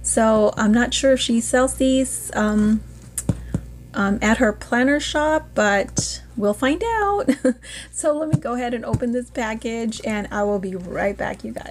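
Woman, casual unboxing vlog, excitable and gushing, slow-paced, faint background noise. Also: a little high. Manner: gushing, excitable, often exclaiming. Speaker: vlogger.

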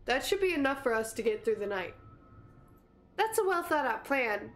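High-voiced giggly woman streamer. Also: very animated, moderate pace, faint music behind. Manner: giggly, reading lines with playful dramatics. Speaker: gaming streamer. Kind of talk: reading game dialogue aloud in a let's play.

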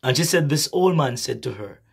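A man preaching a sermon slowly and emphatically, repeating phrases, with a husky voice and an occasional cough. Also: medium pitch, lively intonation. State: coughing, clearing throat.

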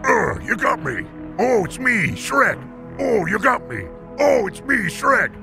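A man's voice: high-pitched, sing-song, takes it slowly, vocal fry, over music, pitched above the performer's own voice, heavily acted. A man doing a dopey, defeated ogre parody. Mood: mock-goofy. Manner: drawled, repetitive catchphrase mockery. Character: goofy male Shrek parody, dopey and defeated.

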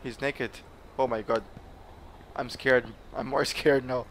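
A man from Brazil with a Brazilian accent, a gamer joking his way through gameplay commentary with playful teasing and sudden excited yelps. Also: medium pitch, takes it slowly, slight background noise. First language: Portuguese. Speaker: gamer hosting a let's play channel.

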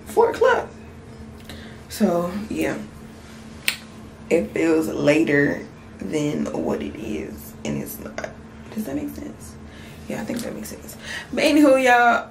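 A woman's voice: mid-range voice, creaky, slight background noise, rough recording. A woman in her twenties, a young mom, chatting casually to her viewers in a vlog just after waking up, sleepy, with speech. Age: 20s. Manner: chatty, candid, talks straight to viewers. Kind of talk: casual vlog chat to camera.

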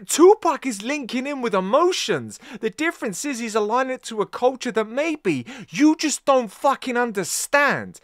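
A man's voice: extremely high pitch, no echo, studio quality. Ranting, swearing man. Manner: profane, ranting, animated. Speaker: music reaction host. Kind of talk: casual reaction commentary.

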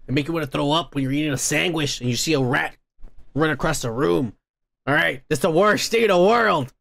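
A man's voice: on the high side, a little fast, vocal fry, fairly bright tone, dry recording. A man hosting a comedy podcast, ranting crudely about the news, swearing constantly and laughing at his own jokes. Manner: profane, rambling, laughs often. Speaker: podcast host.

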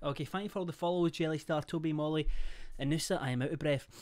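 A young man talks to his live-stream audience in a voice that sits a little high. He jokes, swears loosely and reels off lists of names. The sound is dry and close, with no room around it. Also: steady tone, fast talker, a little mellow, dry recording. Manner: chatty, reads viewer names in bursts; swears casually, jokey. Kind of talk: casual live-stream chat.

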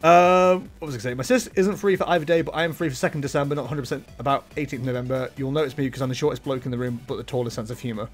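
A man live-streams a card game, talking in a medium-pitched voice at a racing pace with hardly any pauses. He chats casually, jokes about himself and laughs a lot. He's using a desk microphone and webcam, with music playing faintly behind him.

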